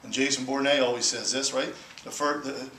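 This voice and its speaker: A man's voice: medium pitch, fairly quick, echoey room, a little hiss or hum, rough recording. A man telling his business story to an audience, acting out conversations and asking "right?" often. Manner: animated storyteller acting out dialogue, frequent "right?". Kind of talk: motivational talk to an audience.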